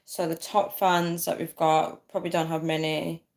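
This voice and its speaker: A woman's voice: low voice, little pitch movement, moderate pace, darkish tone. A woman hosting a casual livestream, reading out viewer comments, tired and often breaking into fits of laughter. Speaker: livestream host.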